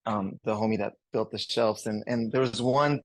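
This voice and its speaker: A man in his forties with a French Canadian accent, a guest chatting casually on a podcast in a rambling, relaxed way. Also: lowish voice, moderate pace, no echo. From Canada, Montreal. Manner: rambling and relaxed, many fillers and restarts.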